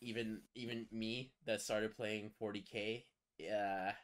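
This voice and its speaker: A man's voice: lowish voice, level tone, slow pace, fairly bright tone. A man hosting a casual podcast chat, laid-back, swearing and laughing often. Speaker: podcast host.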